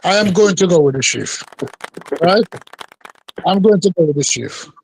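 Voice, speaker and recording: A man's voice: sits high, lively intonation, normal speed, gravelly, a little hiss or hum, rough recording. A man on a live discussion panel who argues hotly and keeps repeating the same insults and phrases. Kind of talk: heated live panel argument.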